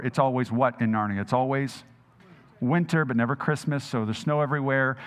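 Animated male preacher asking questions. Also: mid-range voice. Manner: conversational, asks the audience questions; animated, repeats words for emphasis. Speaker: pastor. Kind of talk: sermon.

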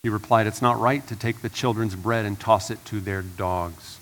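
A man preaching a sermon as pastor, swinging from hushed and slow to loud and urgent. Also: lowish voice, steady tone. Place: church sanctuary.

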